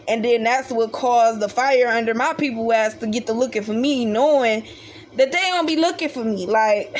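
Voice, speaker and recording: A woman's voice: a little high, moderate pace, a little hiss or hum. A young woman telling a childhood story in a casual, profane storytime style, acting out the voices of her family. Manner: animated, profane, acts out the voices of family members.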